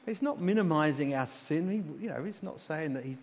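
A man's voice: on the high side, expressive, a little fast. A man preaching as a pastor, earnestly leading his congregation in call-and-response prayer. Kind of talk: sermon and closing prayer. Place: church hall. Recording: reverberant hall, faint hum.

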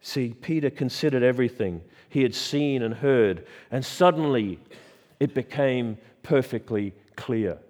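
A man's voice: medium pitch, darkish tone, big-room sound. A man preaching a sermon in a church, stressing key words and asking repeated rhetorical questions. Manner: emphatic, with dramatic pauses and repeated rhetorical questions.

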